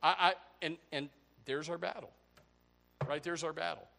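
A man preaching a sermon to his congregation, emphatic and repetitive, swinging between loud outbursts and hushed asides. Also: fairly high pitch, steady tone, normal speed, gravelly. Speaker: pastor. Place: church.

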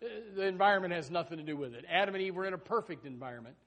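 A middle-aged male preacher delivers a sermon, wandering into a long personal story. He talks in a rambling way, full of restarts and asides, in a voice that sits a little high for a man. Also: expressive, racing, a bit bright.

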